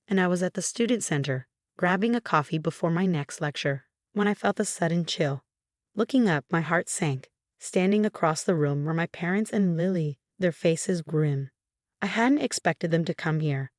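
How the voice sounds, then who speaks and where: A woman reading a first-person story in an even, measured narration, reading the dialogue in her own voice. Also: fairly low pitch, dry recording, clean studio sound.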